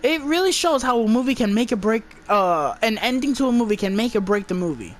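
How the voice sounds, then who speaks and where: A woman's voice: on the high side, big pitch swings, fairly quick. A woman giving an exasperated, profane movie review, stumbling and restarting her words as she rants.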